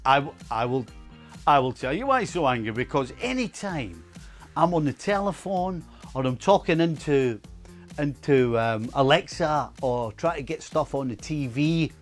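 A man's voice: a little high, animated, moderate pace, faint music behind. A middle-aged man, a former footballer, chatting as a pundit in a wry, grumbling way. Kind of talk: casual studio chat.

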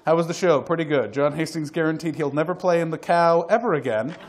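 A Canadian man hosting a live comedy chat show, joking loudly, then dropping into muttered asides. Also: fairly high pitch, quick pace, a little hiss or hum. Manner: loud, jokey, swings between shouting hype and muttered asides. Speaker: host. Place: live comedy venue with audience.

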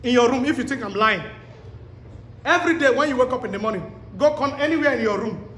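A man preaching a sermon to a live congregation, pleading and exhorting with shouted, repeated commands and quizzing the listeners directly. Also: extremely high pitch, fast talker, slight background noise. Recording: echoey hall with long reverb.

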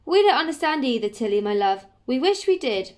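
A woman's voice: high voice, very animated, brisk. A woman reading aloud and voicing a firm but loving older grandmother in a children's story, with an English accent. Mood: tender. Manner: firm yet gentle.

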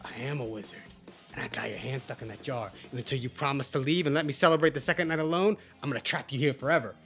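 A man voicing a clever, calm male hero who outwits goblins in a told story, speaking low and deadpan. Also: fast talker, faint music behind, close to an everyday voice. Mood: smug.

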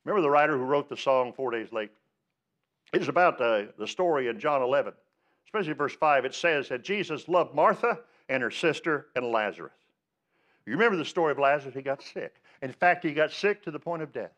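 A man preaches a sermon in a middle-pitched voice, pressing his points with rhetorical questions and lifting his voice on key words. The recording is dull and lo-fi, like an old church tape. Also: expressive, brisk, fairly bright tone. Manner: emphatic, with rhetorical questions and rising stresses. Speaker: pastor.

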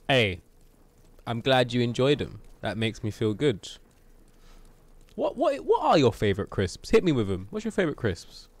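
Lively British man streaming a game. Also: mid-range voice, normal speed. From Britain. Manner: playful, banters with chat, jokes and mutters at the game. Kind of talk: live gameplay commentary chatting with viewers.

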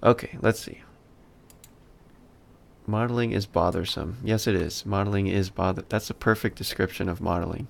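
A man's voice: low-pitched, fairly even intonation, normal speed, vocal fry. A man giving a casual live-stream 3D modeling lesson, muttering to himself with dry asides as he works. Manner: muttering, self-talk, dry asides while working. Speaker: 3D modeling instructor streaming a class.

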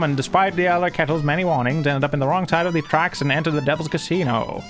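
A man hosting a relaxed let's play with his wife, chatting and reading the story in a playful, old-timey way. Faint music sits under his voice. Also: fairly high pitch, fast talker. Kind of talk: casual gameplay commentary and story reading.

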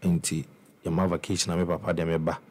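A man's voice: deep voice, little pitch movement, fast talker. A young Ghanaian man with a Ghanaian accent, telling his life story in a casual interview and mixing English with Twi, with many restarts. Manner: mixes English and Twi, frequent restarts and repeated words. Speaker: musician guest.

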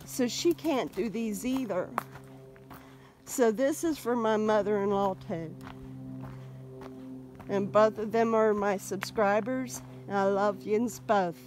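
A woman's voice: mid-range voice, takes it slowly, pauses often, a little mellow, soft background music. A middle-aged woman vlogging as she walks, talking in a heartfelt way and tearing up, a little sniffly. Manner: tearful, heartfelt. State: teary, sniffly. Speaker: vlogger on a walk. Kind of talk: casual vlog chat while walking.

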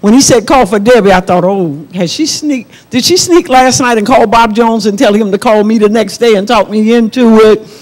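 A middle-aged woman ministering on a faith talk show. She speaks in a steady, measured teaching tone. She also tells family stories in the same calm voice. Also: fairly high pitch.

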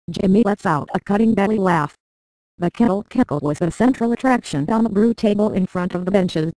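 A computer-generated woman's voice reading a memoir aloud in a flat, synthetic way with odd word stresses. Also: fairly low pitch, dry recording, rough recording. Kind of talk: text-to-speech narration of a memoir.

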